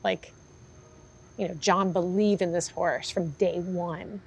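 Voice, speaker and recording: A woman horse trainer in an interview, telling her story candidly with animated, lively delivery and frequent fillers. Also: fairly low pitch, slow pace, breathy edge. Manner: animated, acts out quoted reactions, frequent fillers.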